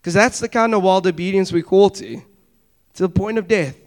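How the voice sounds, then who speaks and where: A young man preaches with a fairly high voice, keeping it loose and conversational. He slips into quick acted-out exchanges and checks in with his listeners as he goes. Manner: conversational, animated preaching with asides and acted-out dialogue. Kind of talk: sermon.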